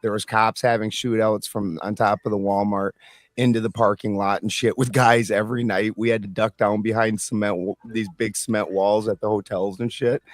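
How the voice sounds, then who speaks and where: A man's voice: fairly low pitch, level tone, normal speed, no room sound, clean studio sound. A man in casual group chat, telling stories bluntly with lots of swearing. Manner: blunt, profane storytelling.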